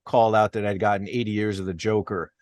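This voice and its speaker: A man's voice: lowish voice, steady tone, fast talker, darkish tone, dry recording. A man co-hosting a casual chat about comics, talking in a chatty conversational way. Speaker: co-host.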